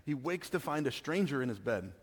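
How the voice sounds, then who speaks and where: A man's voice: mid-range voice, sing-song, fairly quick, slightly rough, in a large hall. A man preaching a sermon in a conversational way, often stopping to ask "right?" and chuckling as he explains. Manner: conversational, laughs often, keeps asking "right?". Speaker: pastor.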